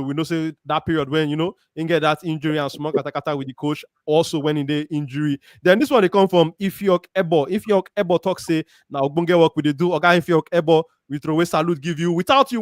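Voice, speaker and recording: A man from Warri, Nigeria, with a Nigerian Pidgin accent and a fairly high voice, hosts a casual football chat show, reading viewer comments aloud and giving lively shout-outs. The sound is studio quality, with no echo.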